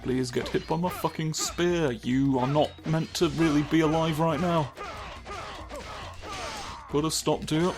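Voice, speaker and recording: A man's voice: on the high side, fairly even intonation, unhurried, pauses often. A man giving casual, rambling commentary over his gameplay, joking and swearing often. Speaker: let's play host. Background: game music.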